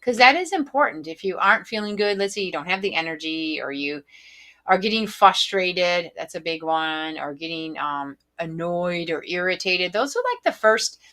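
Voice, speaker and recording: A woman hosts her own coaching podcast, speaking gently and encouragingly and sometimes guiding the listener through slow breaths. Her voice sits a little low, yet its tone is bright and forceful. She talks loosely, with plenty of "um"s and restarts. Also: lively intonation. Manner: gentle, encouraging, with many fillers and soft guided breathing. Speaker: podcast host and spiritual coach. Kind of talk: solo podcast coaching talk.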